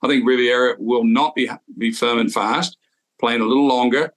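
His medium-pitched voice holds fairly even intonation at a moderate pace. He's a former tour pro in his sixties with an Australian accent, co-hosting a podcast and telling relaxed stories in casual chat, often restarting as he goes.

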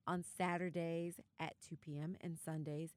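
A woman's voice: sits low, level tone, moderate pace, darkish tone, no room sound. A woman hosting a podcast in casual chat, playful and effusive. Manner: playful, effusive, lots of laughing. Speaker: podcast host.

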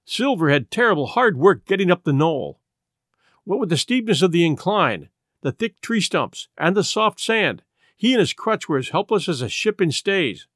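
A man narrates a classic adventure novel, storytelling with plenty of expression. His voice is a touch high and rises and falls freely. The recording is close and dry. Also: sing-song, moderate pace, a bit bright, no room sound. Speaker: audiobook narrator.

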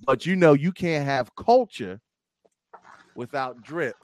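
A man from Philadelphia hosting a podcast, bantering in a playful, teasing way and breaking into loud, excited outbursts. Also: a little high, slow pace. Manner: animated, rising to loud exclamations. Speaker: podcast host. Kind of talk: casual podcast chat.

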